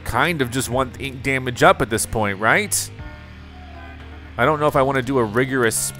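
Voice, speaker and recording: A gaming video host with a medium-pitched voice and moderate pace gives let's-play commentary on his own game. When things go wrong he gets loud, yelping and exclaiming under pressure, and music plays behind the voice.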